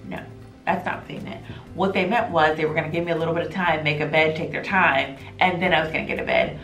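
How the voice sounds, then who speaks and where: A woman vlogger telling her own birth story to camera in an emotional, animated way, often quoting what people said. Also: low-pitched, fast. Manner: emotional, animated retelling with quoted voices. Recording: echoey room with faint music.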